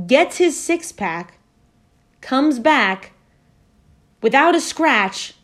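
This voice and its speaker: A woman hosting a casual podcast at home, telling a family story in a rambling way full of fillers and self-corrections. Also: on the high side. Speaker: podcast host.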